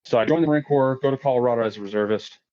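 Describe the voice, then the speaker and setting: A man in his late thirties, guesting on a podcast, talks rapid-fire in a mellow, mid-range voice. He tells a casual, profane story, laughing often and acting out quotes in a raised voice, over dull lo-fi podcast audio.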